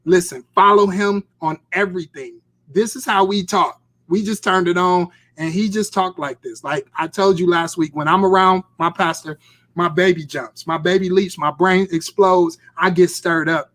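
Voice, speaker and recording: Male host-preacher, urgent and repetitive, voice sits a touch high. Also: steady tone, moderate pace, fairly bright tone. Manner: fervent, urging, repetitive exhortation. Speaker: host and pastor. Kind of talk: live-stream sermon talk.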